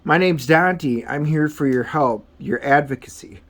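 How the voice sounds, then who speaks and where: A man's voice: a little high, unhurried, a bit bright. A man voicing a young male student activist, hesitant and full of fillers, while reading comic dialogue aloud. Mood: earnest.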